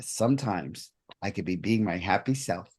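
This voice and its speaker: A man on an interview show, telling a personal story in a lively way and acting out the other people's lines. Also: sits low, normal speed, breathy edge. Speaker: podcast guest, hypnotist.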